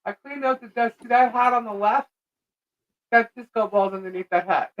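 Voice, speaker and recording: A woman's voice: a little high, normal speed, dry recording, dull audio. Dry-sounding woman, rambling and laughing. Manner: rambling storyteller, laughs often, many fillers. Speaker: co-host of a live stream. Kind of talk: casual live-stream chat.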